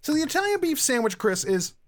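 A man with a Chicago accent co-hosting a casual podcast, chatty and quick to laugh. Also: very high-pitched, big pitch swings. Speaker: podcast co-host and editor. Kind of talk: casual chat.

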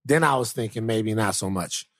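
A man co-hosting a podcast in a casual comedic chat, telling lively stories and acting out voices. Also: fairly low pitch, normal speed, gravelly, no echo, clean studio sound. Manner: animated storyteller, acts out voices. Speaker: podcast co-host.

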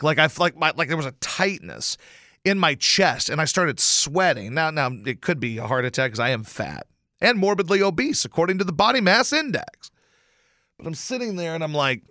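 Animated, bright-voiced ranting man. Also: fairly high pitch, no echo, studio quality. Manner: animated and profane, swears often. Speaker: podcast host. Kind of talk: casual ranting monologue.

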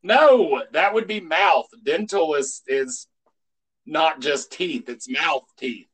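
A man co-hosting a podcast in casual chat, playful and jokey with loud exclamations. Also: on the high side, expressive, slow, breathy edge, poor audio. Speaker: podcast co-host.

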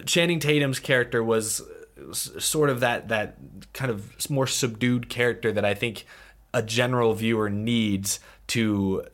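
A man in a casual podcast film review, his voice at an ordinary middle pitch. He rambles and hesitates, stopping and restarting his thoughts as he talks. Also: a bit bright. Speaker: podcast co-host.

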